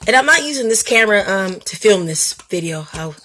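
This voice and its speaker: A woman hosting her own craft channel, chatting excitedly and self-deprecatingly to viewers in a casual unboxing vlog. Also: mid-range voice, a little fast. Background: people upstairs making noise.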